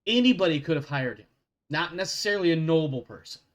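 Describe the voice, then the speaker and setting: A man's voice: on the high side, animated, fast talker. Casual male game master. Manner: casual, rambling, self-deprecating. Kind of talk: narrating a tabletop game.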